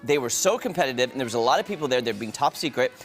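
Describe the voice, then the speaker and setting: A man from the telling a bubbly, animated story as a morning show reporter. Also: medium pitch, very fast, soft background music. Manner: bubbly, storytelling, quotes people in voices. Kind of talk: excited recap chat on a TV morning show.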